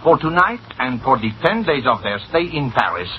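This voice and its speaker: An actor playing a suave, scheming swindler who gives commands with amused confidence, in 1940s radio acting. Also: male voice, medium pitch, very animated, brisk, close to an everyday voice. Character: suave scheming man, smug swindler boss. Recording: dull old radio broadcast with faint hiss.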